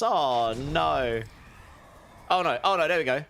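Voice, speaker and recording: A man's voice: fairly high pitch, animated, unhurried, gravelly, pauses often, a bit bright. A British man streaming and chatting casually with viewers, in a rambling, friendly way with frequent restarts. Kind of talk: casual livestream chat.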